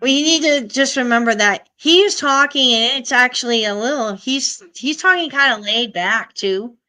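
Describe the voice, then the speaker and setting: Bright, smooth-voiced woman stream host. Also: on the high side, moderate pace. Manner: chatty, greets and answers viewers' comments. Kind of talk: casual live stream chat.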